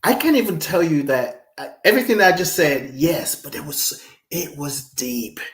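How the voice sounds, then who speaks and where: A man guest talking reflectively in a conversation, expressive and animated, slipping into emotional stories. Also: fairly high pitch, moderate pace, reverberant.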